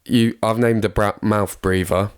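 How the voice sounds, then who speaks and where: A young Englishman with a very low voice co-hosts a casual football podcast. He sounds stuffed up and rambles along, mocking himself and apologising. His talk is loose and unscripted. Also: steady tone, a little slow, clean tone. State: congested. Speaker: podcast co-host.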